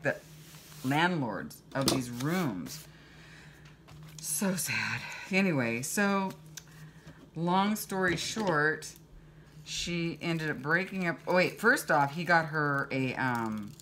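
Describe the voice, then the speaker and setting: A woman's voice: a bass voice, slight background noise. A woman vlogger casually telling a story to her viewers, chatty and indignant, acting out quoted lines. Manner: chatty, animated retelling with quoted dialogue; exasperated, indignant.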